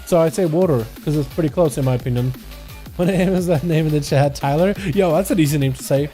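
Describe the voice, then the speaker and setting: Young man, Russian native, gaming streamer, slangy chatter, mellow voice, faint music behind. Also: a little high, fast. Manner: loose, rambling, slangy. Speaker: game streamer. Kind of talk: casual livestream chat with viewers.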